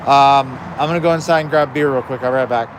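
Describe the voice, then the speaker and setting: A man's voice: mid-range voice, fairly even intonation, fast, background noise. A man hosting a casual livestream outdoors beside his smoker, chatting bluntly with viewers and swearing freely. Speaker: livestream host.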